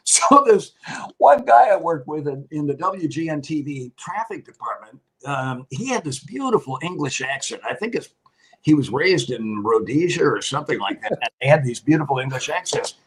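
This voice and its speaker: Older man, husky, lively storyteller. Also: fairly high pitch, rough recording. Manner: rambling anecdotal storyteller, laughs often. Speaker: guest, retired TV meteorologist. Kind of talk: casual storytelling chat.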